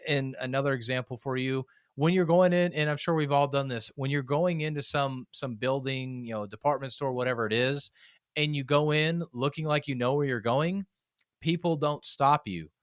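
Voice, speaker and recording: A man's voice: mid-range voice, moderate pace, smooth, no echo, studio quality. A man, a public speaking coach, chatting as a podcast guest and acting out little stories. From United States. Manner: animated storyteller, acts out quoted voices. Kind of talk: casual podcast conversation.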